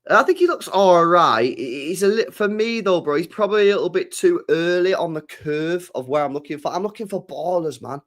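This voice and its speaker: A man's voice: high-pitched, fairly quick, few pauses, fairly bright tone. A young man streaming live, reading chat and answering in a slangy, laid-back way, repeating himself and swearing freely.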